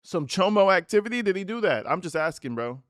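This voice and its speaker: A man reacts to a clip in a sarcastic, profane commentary style, his voice sitting on the higher side. The sound is dry and close, with no room around it. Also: big pitch swings, brisk, dry recording. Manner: sarcastic, profane, mock-tearful asides. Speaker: commentary host.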